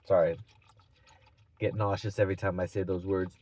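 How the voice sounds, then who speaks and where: A man's voice: low-pitched, steady tone, brisk, darkish tone, slightly rough. A man in his twenties telling a rambling, profane, mocking story in a casual vlog. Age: 20s. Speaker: vlogger.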